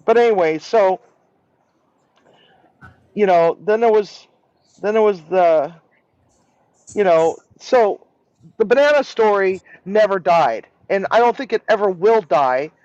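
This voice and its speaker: High voiced guy rambling thru a story, swears a lot, dry muffled sound. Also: a little slow, pauses often, no room sound. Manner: rambling, animated, swears freely. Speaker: live-stream regular. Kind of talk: casual storytelling. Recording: dull lo-fi sound.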